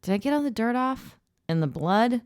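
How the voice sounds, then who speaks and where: A woman's voice: on the high side, lively intonation, normal speed, a little mellow, clear, resonant tone, dry recording, studio quality, voice pushed up, lightly acted. A woman voicing a playful young heroine in an audiobook, teasing and protesting in a raised, squealing voice.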